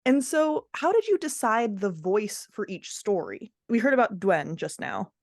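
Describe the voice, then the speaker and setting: Lively woman host, dry sound. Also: mid-range voice, unhurried, no room sound. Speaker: podcast host. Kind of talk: casual interview chat.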